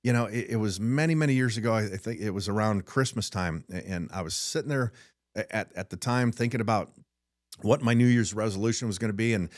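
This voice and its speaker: A man's voice: fairly low pitch, fairly quick, no room sound, clean studio sound. A middle-aged man, a business owner hosting his own show, talking frankly in a casual monologue and often repeating and restarting words.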